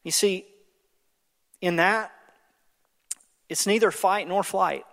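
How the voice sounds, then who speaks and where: A man's voice: high voice, takes it slowly, gravelly, bright, forceful tone. Preaching man in a reverberant hall. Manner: conversational preaching with many fillers. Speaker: pastor. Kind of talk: sermon. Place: church sanctuary.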